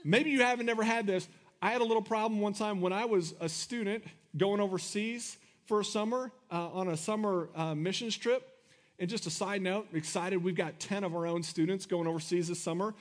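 A man's voice: high-pitched, fairly quick. A male pastor giving a sermon in a conversational way, filling his talk with "like" and laughing between points.

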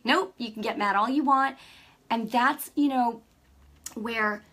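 Middle-aged woman, casual faith talk, animated storyteller, conversational, checks in with listeners. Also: mid-range voice. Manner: lively storytelling, acts out quoted dialogue; peppers speech with "right?" and "you know". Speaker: Christian speaker.

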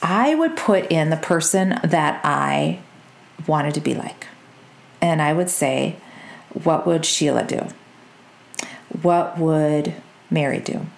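A lower-pitched woman talks straight to her listeners as a business coach, energetic and direct. She keeps checking in with them as she goes, and her voice rings in an echoey room. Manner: energetic, direct, says "y'all" and "okay?" often. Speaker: business coach and podcast host. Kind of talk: motivational podcast talk.

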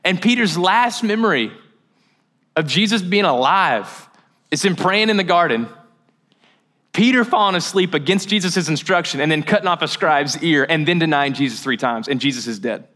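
A man's voice: on the high side, animated, moderate pace, sharp tone. A man preaching a casual sermon at a church service, telling the story in a chatty, joking way before leading a guided meditation.

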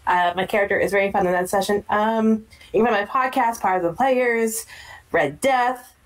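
A woman's voice: mid-range voice, moderate pace, low-quality recording. Chatty woman plugging her shows. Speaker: player. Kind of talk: casual chat, self-introduction.

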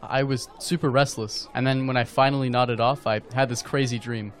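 Guy doing a chill teen dude telling a story, animated, mid voice. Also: mid-range voice, normal speed, close to an everyday voice. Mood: storytelling. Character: teen boy Kurt, laid-back and easily spooked. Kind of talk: audio drama acting.

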